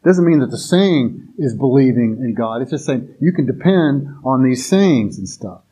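Guy with a husky voice preaching, chatty and loose, keeps restarting lines. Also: medium pitch, animated, normal speed, mellow, poor audio. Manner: conversational, restarts often, uses filler phrases. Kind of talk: informal sermon.

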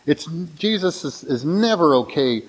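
A middle-aged pastor preaching in a loose, conversational manner, repeating and restarting words as he goes. His voice sits a little high for a man. He breaks up the teaching with homely asides. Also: very animated, unhurried, low-quality recording. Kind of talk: sermon.

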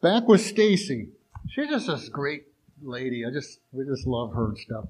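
A man's voice: medium pitch, sing-song, measured pace, darkish tone, slightly rough. A male pastor preaching a sermon in a folksy, conversational way, often restarting sentences and acting out everyday voices in quoted asides.

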